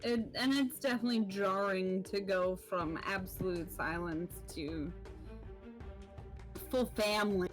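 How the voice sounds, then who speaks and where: Unhurried woman, relaxed conversational chat. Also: medium pitch, faint music behind, rough recording. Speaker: tabletop game player. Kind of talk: casual chat.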